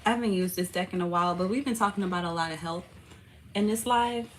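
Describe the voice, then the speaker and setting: A woman in her late twenties hosting a tarot livestream, telling stories in an animated, cursing, laughing way. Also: lowish voice, fast talker, slight background noise. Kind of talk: casual livestream chat. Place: home, indoors.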